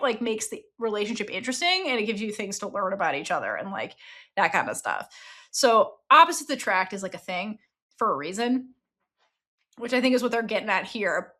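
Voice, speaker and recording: A woman co-hosting a casual podcast, reviewing a TV series in an animated way, laughing often and swearing freely. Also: fairly high pitch. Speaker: podcast co-host.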